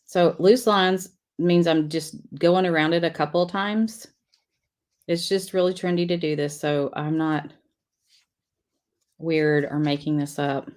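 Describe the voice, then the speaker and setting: A woman's voice: low voice, fairly even intonation, a little slow, darkish tone. A middle-aged woman, hosting a live lettering class, chatting casually and reading viewer comments while she draws. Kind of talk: live-streamed craft lesson.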